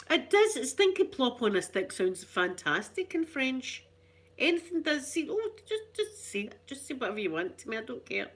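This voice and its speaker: A woman's voice: high-pitched, very animated, unhurried, fairly bright tone. Cheeky rambling Scottish woman. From Scotland. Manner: cheeky, rambling, self-mocking storyteller. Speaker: ASMR channel host. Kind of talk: casual chatty ASMR talk.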